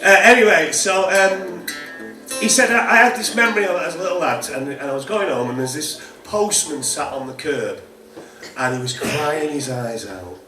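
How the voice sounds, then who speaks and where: A man introducing a song at a folk club, halting and repeating words as he talks, then singing. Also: fairly high pitch. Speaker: folk singer. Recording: echoey live room, distant mic, loud guitar.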